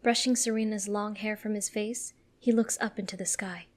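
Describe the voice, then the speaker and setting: A woman narrates a fan-fiction story in a soft, hushed way. Her voice sits at a medium pitch. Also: steady tone, normal speed. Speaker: story reader.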